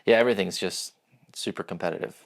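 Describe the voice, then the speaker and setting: Gravelly low-voiced podcast host. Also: male voice, fast talker. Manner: relaxed, chatty, trailing off. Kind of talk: casual podcast interview.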